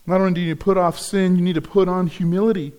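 Man, pastor, sermon, high-pitched, earnest, repetitive emphatic phrasing. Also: flat delivery, racing, a little mellow.

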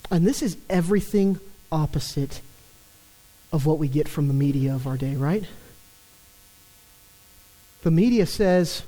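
A preacher working through a passage of scripture in an emphatic sermon, repeating words for stress and slowing down on key phrases. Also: medium pitch, dark tone, low-quality recording. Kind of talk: expository sermon.

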